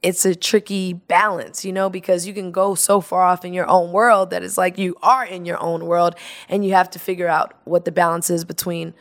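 A woman's voice: on the low side, normal speed. A woman guest in casual interview chat, telling stories with laughter and acting out quoted lines. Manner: animated, laughing storyteller who acts out quotes.

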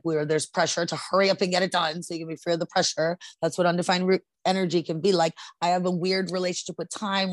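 A middle-aged woman with a lowish voice, recorded dry, co-hosts a podcast and tells a personal story. She speaks earnestly yet casually, restarting her sentences frequently.

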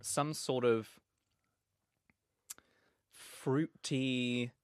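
A man's voice: mid-range voice, steady tone, extremely slow, clear, resonant tone, no echo. A man co-hosting a podcast in casual chat, with dry, teasing wit. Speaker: podcast co-host.

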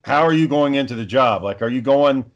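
A man's voice: medium pitch, fairly quick, muffled recording. A father in casual chat, rambling through stories about his kids and swearing freely.

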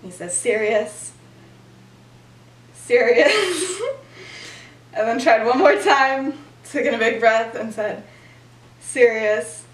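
A young woman with a fairly high voice retells a story with giggles and a steady stream of fillers. She sits a bit back from the mic, and the room around her is echoey. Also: takes it slowly, pauses often, recorded from a distance. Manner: giggly, animated, lots of fillers. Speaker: podcast host telling the story. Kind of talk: casual storytelling chat.

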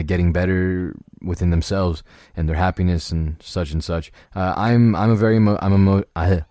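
A man hosting a solo podcast, talking casually and haltingly about a book, often restarting and laughing. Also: low voice, darkish tone, no room sound, studio quality. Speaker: podcast host reviewing a book.

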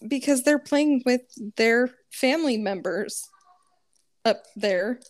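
Woman co-host, slightly high voice, joking casual chat on a call. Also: takes it slowly. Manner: joking, laughs along. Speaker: podcast co-host. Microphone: remote call.

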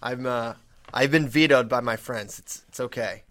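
A man with a medium-pitched voice at normal speed hosts a podcast, with slight background noise. He's a lively storyteller in a casual chat, restarting his sentences a lot.

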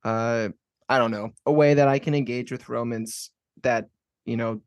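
A man hosts a laid-back podcast chat at an ordinary, mid-range pitch. He rambles and circles back, with plenty of "um"s and restarts as he builds his question. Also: fairly even intonation. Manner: rambling and halting, many fillers and restarts. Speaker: podcast host. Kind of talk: casual conversational interview.

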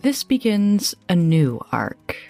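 A woman's voice: lowish voice, sing-song, takes it slowly, vocal fry, darkish tone, no echo, faint music behind. A woman running a tabletop game as game master, chatty and descriptive.

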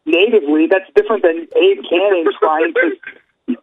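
A man with a high voice challenges the host with skeptical pushback. His voice comes through narrow and phone-like, in loose comedic chat. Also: normal speed. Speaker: podcast co-host. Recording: tinny phone-like sound.

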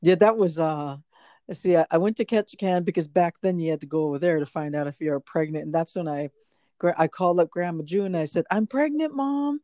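A woman's voice: deep voice, fairly even intonation, a little fast, warm tone, no echo. An older woman, the host's mother and a guest on his podcast, looking back on family memories and chuckling often. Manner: chuckling, reminiscing. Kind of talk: casual family storytelling.

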